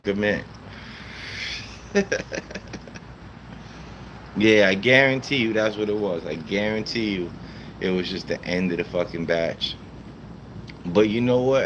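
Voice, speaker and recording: Deep-voiced man chatting on a live stream. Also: moderate pace, fairly bright tone, dull audio. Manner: loose, profane, talks to chat by name. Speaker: livestreamer. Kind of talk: casual live stream chat. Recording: background noise.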